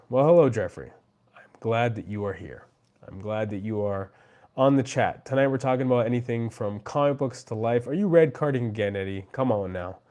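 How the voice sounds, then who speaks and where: A man's voice: on the low side, mellow. A man hosting a casual live stream, chatting with viewers in a rambling, friendly way full of fillers.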